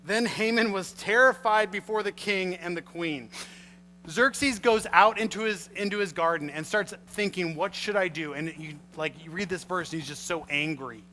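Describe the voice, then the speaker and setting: A male pastor preaching a sermon, reading scripture and retelling it with animated storytelling. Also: sits high, normal speed, a little hiss or hum, poor audio. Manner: animated storytelling, acts out scenes.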